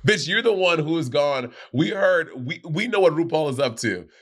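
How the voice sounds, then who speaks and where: A man co-hosting a casual podcast chat, playful and profane, quick to laugh. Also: fairly high pitch, animated, a bit bright, breathy edge. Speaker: co-host.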